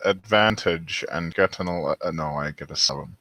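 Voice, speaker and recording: A man's voice: sits low, normal speed, bright, forceful tone, no echo. A man playing a tabletop game with friends, bantering and laughing often. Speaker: player. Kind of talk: casual tabletop play. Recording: online voice chat.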